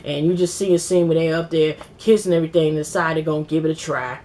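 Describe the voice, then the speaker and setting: A woman casually recapping a reality TV episode, rambling and animated, acting out quotes and swearing freely. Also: deep voice, fast talker. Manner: rambling, animated retelling with quoted voices and profanity. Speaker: TV recap vlogger.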